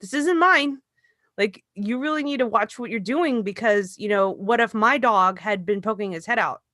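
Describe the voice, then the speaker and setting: In studio-quality audio without echo, a young adult woman at medium pitch and normal speed, her tone a bit bright, co-hosts a podcast. She tells a story in casual chat, acting out the quotes with heavy swearing.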